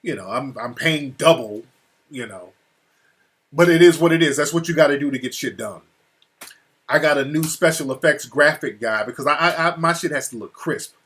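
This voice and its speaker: A man with a husky, slightly high voice tells a story in loose, casual talk. He swears freely and grows heated and animated as he goes. The call audio drops out now and then. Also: normal speed. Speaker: interview guest. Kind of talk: casual phone-style conversation.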